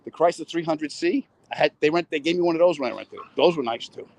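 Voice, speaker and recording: A middle-aged comedian hosts a walking live stream outdoors in the city, rambling, joking, and reading viewer comments into his phone. His voice is on the high side, fast, and darkish, recorded dry with poor audio.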